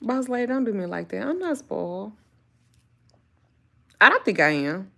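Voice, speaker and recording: A woman's voice: medium pitch, sing-song, normal speed, vocal fry, sharp tone. A woman talking casually to camera in a blunt, profane rant, also talking to her dogs. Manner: blunt, swears freely, talks to her dogs. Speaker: spiritual reader and vlogger.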